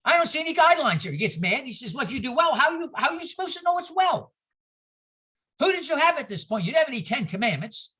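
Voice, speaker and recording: A minister leading a conversational Bible study, animated and full of rhetorical questions put to the group. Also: high-pitched, quick pace, husky. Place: church gathering.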